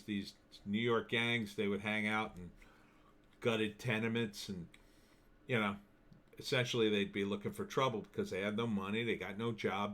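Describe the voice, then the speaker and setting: A man's voice: on the low side, fairly bright tone. A man talking casually to camera with gum in his mouth, rambling through opinionated asides. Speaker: vlogger giving opinions.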